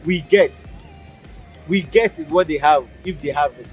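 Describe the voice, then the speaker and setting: A man with a Nigerian accent and a fairly high, fairly quick voice hosts a casual pidgin lesson for his channel, outdoors beside a busy road. Upbeat and emphatic, he patiently repeats phrases while faint music plays behind.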